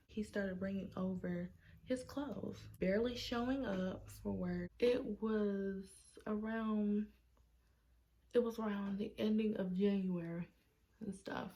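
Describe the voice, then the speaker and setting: A woman, talking in an animated, sassy way as she retells an argument. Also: medium pitch, gravelly. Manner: animated, acts out quotes in a sassy tone. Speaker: storytime vlogger. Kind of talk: casual storytime vlog.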